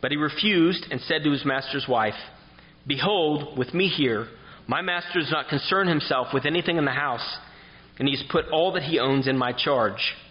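A man's voice: a little high, moderate pace, long reverb tail, highs cut off. A man preaching an expository sermon who reads scripture aloud and asks his listeners questions.

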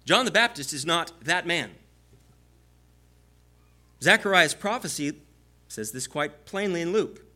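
A man's voice: a little high, animated, a little slow, long pauses, bright, forceful tone. A male pastor preaching an expository sermon, reading scripture and stressing key points emphatically.

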